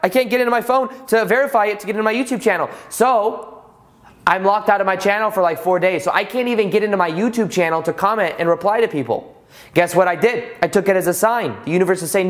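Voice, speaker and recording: A man's voice: sits high, fast talker. A man hosting a podcast, telling a personal story in a casual, conversational way with rhetorical questions, often repeating and restarting phrases. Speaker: podcast host. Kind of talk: casual motivational talk.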